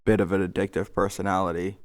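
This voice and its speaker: Young man in his twenties, low-voiced podcast guest with a matter-of-fact delivery. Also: little pitch movement, fast talker. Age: 20s. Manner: plain, matter-of-fact answers. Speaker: guest comedian. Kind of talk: casual interview chat.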